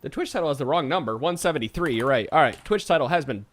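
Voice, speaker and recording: A man's voice: fairly high pitch, fast. A man hosting a casual podcast, laughing and a bit tipsy as he chats. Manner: animated, laughing, tipsy from wine. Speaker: podcast host. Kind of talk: casual chat.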